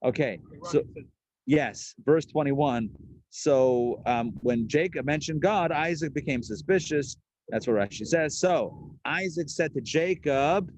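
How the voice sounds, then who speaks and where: A man, a rabbi, teaching a live Torah class in a chatty, lively way and acting out the people he quotes. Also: on the high side, slow.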